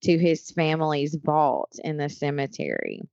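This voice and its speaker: A woman's voice: low-pitched, sing-song, moderate pace, vocal fry, darkish tone, dry recording, muffled recording. A woman co-hosting a casual chat, telling stories with many fillers and restarts. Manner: rambling storyteller, frequent fillers and restarts.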